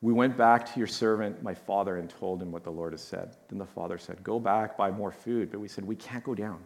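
Man, very deep voice, sermon, scripture reading, soft and emotional, long hall reverb. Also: vocal fry. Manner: reads slowly and softly, then comments with emotion. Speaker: preacher.

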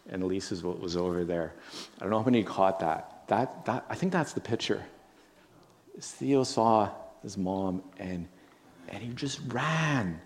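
A male pastor with a somewhat low voice preaches in an earnest tone. He leans on repetition and keeps checking in with his listeners. Later he leads them in prayer. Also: a little mellow. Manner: earnest, repetitive emphasis, frequent "right?". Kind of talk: sermon and closing prayer.

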